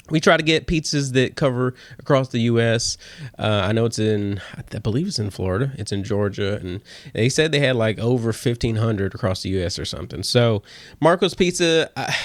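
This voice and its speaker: A man's voice: medium pitch, no room sound. A man hosting a casual solo podcast, talking playfully and slipping into a radio DJ countdown voice. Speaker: podcast host.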